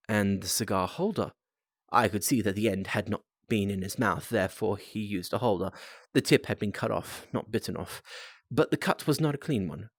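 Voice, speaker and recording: A man voicing a calm, sharp-minded male detective in a storybook reading, explaining step by step. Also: fairly low pitch, no room sound, clean studio sound.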